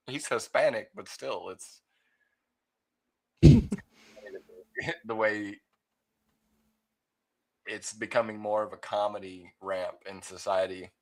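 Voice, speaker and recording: A man's voice: fairly low pitch, steady tone, takes it slowly, pauses often, darkish tone. A young man on a casual voice-call panel, rambling and laughing at his own jokes. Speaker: panel guest. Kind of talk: casual chat.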